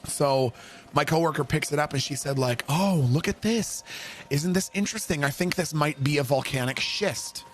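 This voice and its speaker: A man's voice: fairly high pitch, moderate pace, soft background music. Profane, laughing streamer man. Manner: profane, laughing, swings into loud shouted impressions. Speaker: livestreamer. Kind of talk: casual storytelling while gaming.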